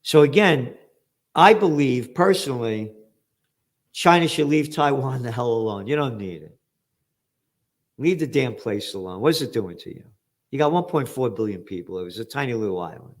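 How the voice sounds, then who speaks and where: A man's voice: mid-range voice, animated, moderate pace. An older American man hosting an opinionated current-affairs commentary, blunt and profane with sarcastic outbursts. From United States. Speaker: host.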